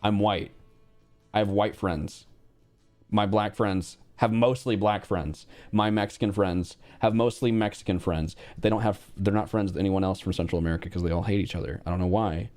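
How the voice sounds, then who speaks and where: A man chatting casually on a livestream, blunt and profane, quick to react. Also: fairly low pitch, steady tone, darkish tone, faint music behind. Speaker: streamer.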